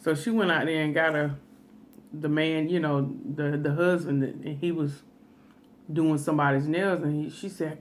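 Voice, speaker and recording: A woman's voice: sits low, steady tone, normal speed. A woman food vlogger telling a funny story in a chatty, folksy way while eating, with laughing asides.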